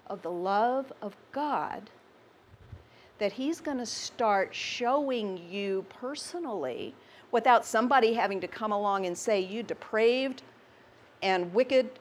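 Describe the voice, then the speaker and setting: A woman preaching with a somewhat high voice, drawing out her words slowly and pressing each point home. She talks to her congregation like a conversation, asking them questions as she goes. A faint hiss of noise sits under the recording. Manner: slow and emphatic. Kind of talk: sermon.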